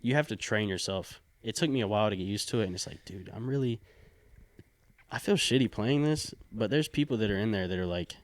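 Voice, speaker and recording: A man's voice: fairly low pitch, expressive, brisk. A man co-hosting a podcast, chatting casually in a loose, rambling way with offhand swearing. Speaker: podcast co-host. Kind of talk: casual chat.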